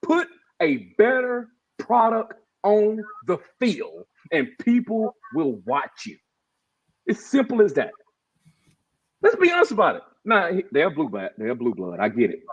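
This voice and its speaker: Speaking a little slowly, a podcast co-host with a husky voice that sits high and swoops wildly in pitch launches into a heated sports-talk rant. He's emphatic and fired up, addressing the others as "bro" and using "y'all" often, all in dull lo-fi sound.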